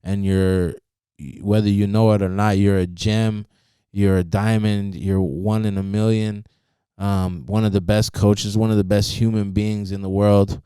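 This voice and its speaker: A man with a lowish, smooth, clear voice who tells a personal story in an earnest, confessional tone, often quoting what others said. He sounds close to the mic in a dry space with no echo. He speaks as a grateful former student. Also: level tone, measured pace, dark tone.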